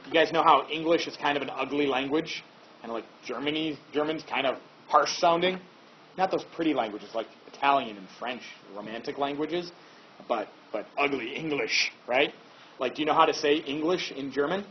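A man's voice: sits high, a little hiss or hum. A man teaching a history lesson in a casual, chatty way, with informal asides and fillers. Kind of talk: casual classroom lecture. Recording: dull lo-fi recording.

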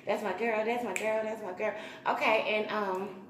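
A woman, chatting casually to her viewers as a mukbang vlogger and giving shout-outs. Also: medium pitch, fairly even intonation, normal speed, reverberant, background noise. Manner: chatty, warm shout-outs, bursts of humming.

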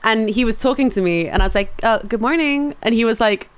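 A woman's voice: on the high side, fast talker, clean tone. A woman streaming a game, chatting playfully with friends, laughing often and swearing casually.

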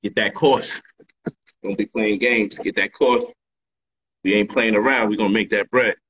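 A man's voice: on the low side, steady tone, normal speed, slightly rough, lo-fi sound. A man hosting a casual livestream monologue, emphatic and repetitive in his talk, full of slang. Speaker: livestream host and author.

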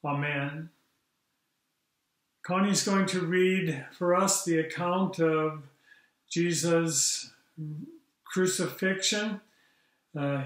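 A man leading a church service as pastor, reading scripture in a measured way with small fillers. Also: fairly high pitch. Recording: echoey church room.

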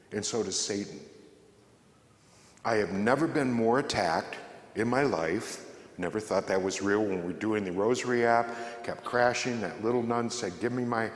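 A man giving a fervent, emphatic spoken testimony to a church audience, repeating his own prayers aloud. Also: on the low side. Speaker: Catholic speaker giving a witness talk. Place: large church. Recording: echoey church hall, long reverb.

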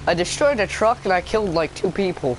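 A young man narrates his gameplay in a loose, rambling way, cracking jokes at his own expense. His voice sits a little on the high side. Loud in-game noise plays behind him the whole time. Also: animated, fairly quick. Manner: joking, rambling, self-mocking. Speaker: gaming YouTuber. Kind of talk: casual gameplay commentary.

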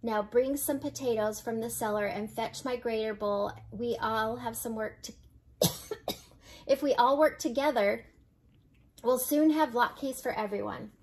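A woman's voice: on the high side, unhurried, a little mellow, natural voice. A woman voicing a kindly, near-sighted, hard-of-hearing old grandmother in a storybook read-aloud, raising her voice to a fond, fussing tone. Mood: cheerful.

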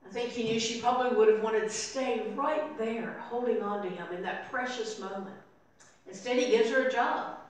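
An older woman preaching a sermon as pastor, telling the story and voicing its people softly. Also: on the high side, moderate pace. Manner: storytelling, acting out voices softly in quotes. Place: church sanctuary. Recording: very echoey room, voice from far off.

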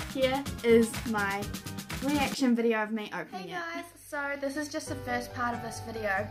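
A woman beauty vlogger talking casually through an unboxing, gushing, excitable and often giggling. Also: high-pitched. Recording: music playing under the voice.

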